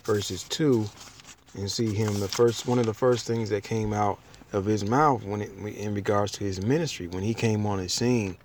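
A man's voice: on the low side, normal speed, slight background noise. Conversational man teaching from the Bible. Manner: conversational, restarts often, reads King James verses aloud. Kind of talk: informal sermon with scripture reading.

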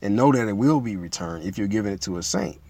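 A man preaching in a relaxed, conversational way, repeating himself and building to emphatic peaks. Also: lowish voice, quick pace. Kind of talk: informal sermon teaching.

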